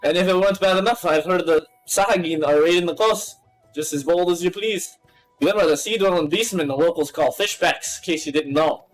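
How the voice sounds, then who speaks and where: A man's voice: high voice, a little fast, soft background music, close to an everyday voice, poor audio. A man reading aloud a wordy, boastful game character in a put-on Scottish accent, stumbling over long words. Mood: theatrical. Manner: flowery old-fashioned speech, stumbling over words.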